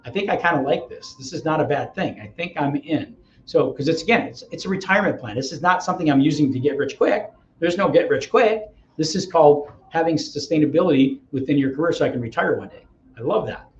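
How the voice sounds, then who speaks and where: A lively middle-aged man talks as an interview guest, a touch high-voiced and eager to persuade. His voice rings in a roomy space. The audio is dull and carries a faint hiss behind him. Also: fast talker. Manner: energetic, acts out dialogues, persuasive. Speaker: real estate agent, podcast guest. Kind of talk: interview storytelling.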